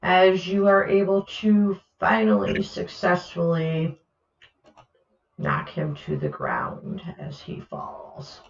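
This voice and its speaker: A woman running a tabletop game as game master, narrating in a relaxed, halting way. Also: fairly low pitch, gravelly. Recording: echoey, dull lo-fi mic.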